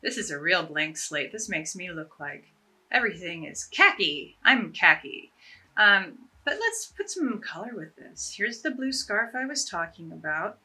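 A woman's voice: lowish voice, big pitch swings, unhurried, pushed and bright, husky, soft background music. A woman chatting casually and enthusiastically as she demonstrates ways to tie scarves, with a self-deprecating humor. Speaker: fashion vlogger.

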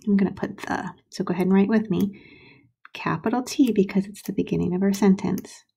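Husky, patient first grade teacher woman. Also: mid-range voice, steady tone, mellow. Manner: slow, patient modeling, sounding out syllables. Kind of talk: recorded writing lesson for young children.

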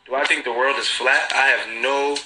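A man's voice: medium pitch, steady tone, normal speed, background noise. A young man with a New York accent, casually chatting and teasing commenters on a livestream. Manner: laid-back, slangy, mocking. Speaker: livestream host.

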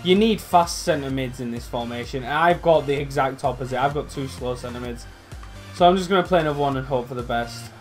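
A young man commentating his own football video game, swearing, swinging between loud outbursts and low muttering. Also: a little fast, faint music behind. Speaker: gaming YouTuber. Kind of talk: live gameplay commentary.

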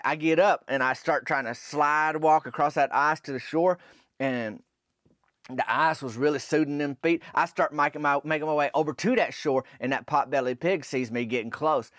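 A man's voice: mid-range voice, fairly bright tone, no echo, studio quality. Drawling Southern man spinning a tale. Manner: slow, rambling and drawling, with rural dialect. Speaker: podcast host. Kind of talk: deadpan storytelling.

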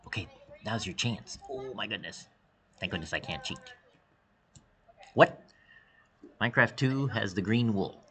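A man with a low voice gives live commentary on his students' game practice. His pitch swings widely as he reacts, thinking aloud with quick exclamations. At times he drops to a hush. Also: lively intonation. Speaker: esports coach.

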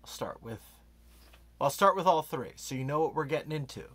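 A man doing a deadpan comedy monologue as an over-earnest self-proclaimed rug expert, slipping into savoring, hushed breathy asides. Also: on the high side, fairly quick, no echo. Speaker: comic rug expert character.

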